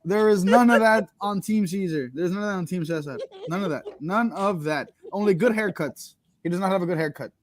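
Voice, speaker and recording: Brief: slightly high male co-host, emphatic, repeats himself. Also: brisk, few pauses. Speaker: podcast co-host. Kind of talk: casual sports banter.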